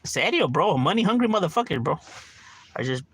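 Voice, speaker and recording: A man's voice: fairly high pitch, sing-song, brisk, fairly bright tone, slightly rough. A middle-aged man streaming a game from home, ranting casually with lots of profanity and constant "bro.". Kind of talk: casual livestream rant.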